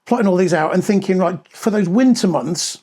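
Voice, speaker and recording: A middle-aged man with a notably high speaking voice, chatting easily in a podcast and spinning long stories full of ums. He talks into a clip-on mic that picks up a little clothing rustle. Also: fairly quick, a little mellow. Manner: chatty storyteller, many ums. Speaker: podcast co-host. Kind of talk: casual podcast chat.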